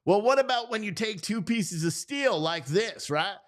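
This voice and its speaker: A man's voice: high voice, expressive, moderate pace, pitched above the performer's own voice. A man putting on a Southern accent to play a folksy man making a joking welding analogy, in a drawling, rhetorical way. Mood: mock-earnest. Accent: Southern US, put on.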